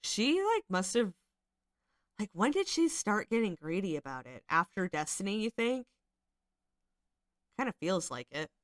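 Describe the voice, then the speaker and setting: A woman's voice: medium pitch, big pitch swings, measured pace, long pauses, no echo, studio quality. A woman hosting casual commentary, reading out screenshots and reacting, chatty and swearing freely with many fillers. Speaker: commentary channel host.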